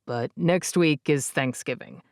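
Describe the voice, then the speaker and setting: A woman voicing an earnest young man proposing, speaking low and softly in an audiobook. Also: a little slow, dry recording, clean studio sound. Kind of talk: audiobook character reading. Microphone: close studio mic, dry.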